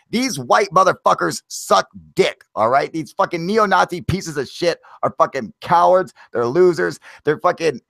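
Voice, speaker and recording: A man's voice: a little high, creaky, fairly bright tone, dry recording. A man hosting a casual talk show, ranting in a profane and emphatic way. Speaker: podcast host.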